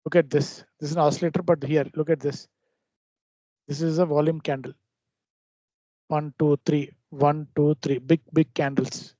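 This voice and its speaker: A man teaching a trading lesson over a screen share, explaining in a halting way with frequent restarts. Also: a little high, level tone, mellow, dry recording. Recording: dull lo-fi dry recording.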